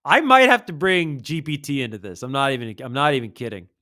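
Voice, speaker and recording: A man's voice: medium pitch, big pitch swings, fast, pushed and bright, dry recording, clean studio sound. A man hosting a casual music livestream, reading posts aloud and adding wry asides.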